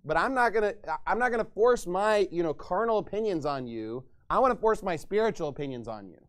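A man's voice: high voice, lively intonation, fairly quick. A man preaching a sermon as pastor, ranting and mocking others in put-on voices.

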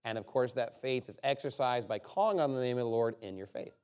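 A man preaching a sermon in a conversational, emphatic way, often checking in with "okay?" and swinging from quiet asides to loud bursts. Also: a little fast, smooth. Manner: swings from low, quiet asides to loud, high-pitched outbursts.

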